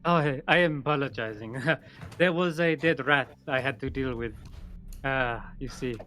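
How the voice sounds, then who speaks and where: A man's voice: medium pitch, moderate pace, bright, forceful tone, close to an everyday voice. A man voicing a nervous, shifty cat-person innkeeper who fusses and exclaims. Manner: flustered, fussy exclamations.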